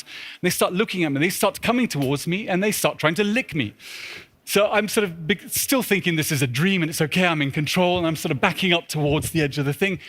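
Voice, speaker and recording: At a symposium held in a large church hall, a male speaker with a fairly bright, higher-pitched voice entertains the audience from the stage. His travel story pokes fun at himself and is packed with comic asides and "sort of" fillers.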